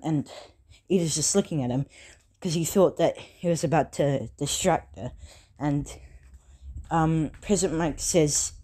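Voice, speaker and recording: A woman casually retelling a fan story, halting often with fillers and self-corrections. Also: sits low, warm tone, slightly rough.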